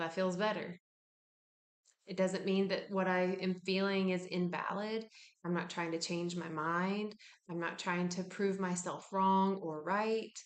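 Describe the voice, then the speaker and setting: A woman giving a casual self-help talk, relaxed and frank, with casual swearing. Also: medium pitch, roomy sound. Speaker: wellness speaker.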